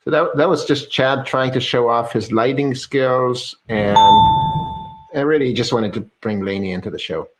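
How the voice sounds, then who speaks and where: A man's voice: medium pitch, moderate pace, low-quality recording. A man co-hosting a casual video-call show, joking and rambling with frequent laughs. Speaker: co-host. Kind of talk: casual chat.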